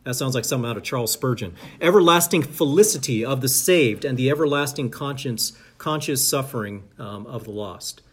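Man leading Bible study, mid pitch, reads verses, stop-start explaining. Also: expressive, breathy edge. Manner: reads scripture aloud, halting with many fillers and restarts.

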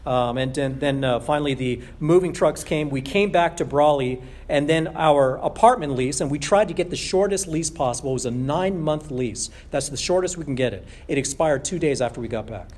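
A man preaching a sermon as a pastor, emphatic and repeating key phrases, slowing down on scripture quotes. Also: fairly high pitch, a little mellow.

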